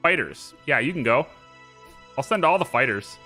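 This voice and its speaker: A man's voice: mid-range voice, expressive, normal speed, sharp tone. A man streaming a game, chatting and joking as he thinks aloud through his moves. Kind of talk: casual let's-play commentary. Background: game music.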